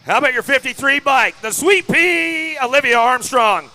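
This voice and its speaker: High, bright hyped male race announcer. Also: animated, moderate pace, vocal fry. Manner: hyped, calls rider lineups by bike number. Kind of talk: live race commentary. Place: outdoor BMX track.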